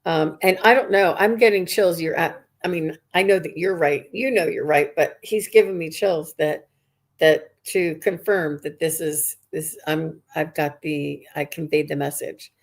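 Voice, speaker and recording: A woman's voice: low voice, fairly even intonation, measured pace. A woman working as a psychic medium, giving a live reading to viewers in an earnest, rambling way with many restarts.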